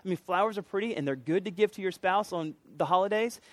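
Pastor, male, relaxed conversational sermon delivery with light humor; higher-pitched voice. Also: fast, dry recording. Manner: casual, jokey conversational preaching.

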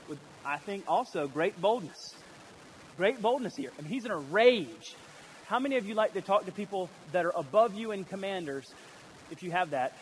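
A man preaching a sermon as pastor, animated and acting out the voices of people in the story. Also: high-pitched, a little hiss or hum, rough recording. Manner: animated, acts out voices of biblical figures.

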